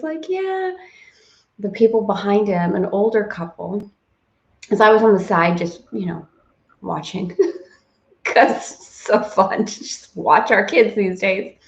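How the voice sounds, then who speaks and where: A woman in her forties hosting a live stream, chatting warmly and effusively with viewers, greeting them by name and laughing often as she tells stories. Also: mid-range voice, vocal fry. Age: 40s. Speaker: host of a live spiritual study stream. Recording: roomy, slightly dull live-stream sound.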